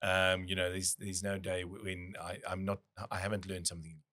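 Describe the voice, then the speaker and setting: Relaxed, low-voiced male podcast host. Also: a little fast. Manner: relaxed, restarts often, thinks aloud. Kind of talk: casual business chat.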